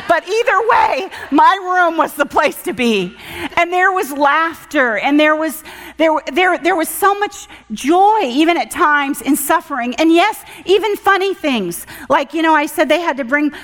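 A middle-aged woman giving a sermon with personal testimony, earnest and emphatic, moving from loud emphasis to hushed tones. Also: high-pitched, big-room sound. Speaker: guest speaker at church session. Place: church hall.

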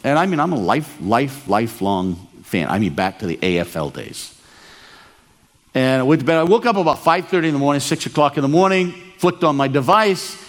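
An older man from Maine preaching a storytelling sermon, animated and acting out the dialogue. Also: brisk. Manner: animated, acts out dialogue with big pitch swings.

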